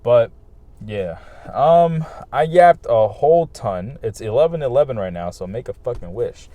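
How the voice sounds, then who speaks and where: A man's voice: medium pitch, lively intonation, a little slow, warm tone, no echo. A young man talking candidly outdoors in a casual vlog, swearing freely and circling back with lots of fillers and repeated phrases. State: hiccuping. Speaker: vlogger. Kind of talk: casual rambling monologue to camera. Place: outdoors, just outside his home.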